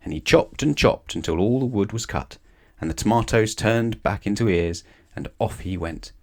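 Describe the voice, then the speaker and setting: A man with a fairly low voice reads a children's bedtime story aloud at a moderate pace. His telling is lively and expressive, and he shifts his voice as the tale unfolds.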